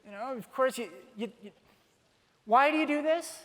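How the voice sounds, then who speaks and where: A man preaching a sermon as pastor, telling stories in an animated way with self-deprecating humor. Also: very high voice, moderate pace. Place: church sanctuary. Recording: long church reverb.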